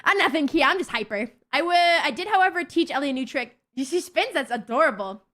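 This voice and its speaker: A young woman streamer chatting casually with her viewers, blunt, excitable and swearing constantly. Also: sits high, brisk. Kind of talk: casual livestream chat with viewers.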